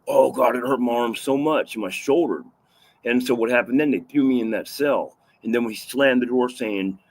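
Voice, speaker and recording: A man casually telling a personal story on camera, rambling and profane, repeating himself for emphasis. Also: mid-range voice. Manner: rambling, profane, with restarts and fillers. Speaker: vlogger recounting a personal story.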